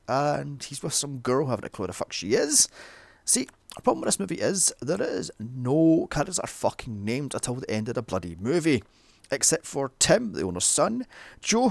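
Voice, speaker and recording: A man's voice: a little high, gravelly, dry recording. A man recapping a film in a sarcastic, comedic way. He swears often and keeps breaking in with mocking asides.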